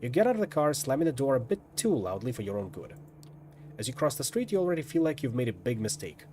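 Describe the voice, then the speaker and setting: Male streamer reading a story game aloud, lively delivery with playful asides. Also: mid-range voice, fast talker, slight background noise. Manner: lively, lightly dramatic narration with asides. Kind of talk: reading a visual novel aloud.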